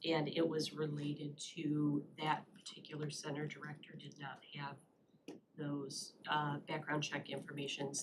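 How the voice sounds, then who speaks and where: A low-pitched woman answers a board's questions in a measured, explanatory way, pausing now and then on fillers. She is recorded in a public meeting room with steady background noise. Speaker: county staff presenter.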